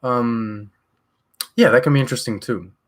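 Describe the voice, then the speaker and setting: A man's voice: medium pitch, normal speed. A man from New Zealand chatting casually and with strong opinions on his live stream, rambling with many fillers and restarts.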